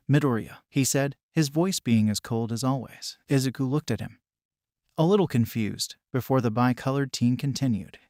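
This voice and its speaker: A man doing scripted story narration, reading in an even, measured way. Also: medium pitch, no echo, clean studio sound.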